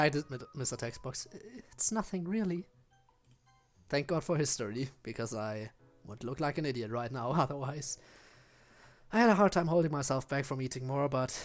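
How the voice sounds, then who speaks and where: A man streaming a visual novel, reading the hero's lines and chatting with a self-mocking, laughing manner. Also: medium pitch. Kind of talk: playing a visual novel aloud.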